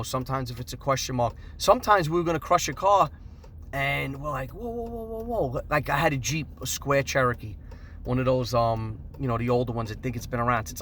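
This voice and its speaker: A man, talking casually to camera as a car business host, animated, rambling and profane. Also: mid-range voice, slight background noise.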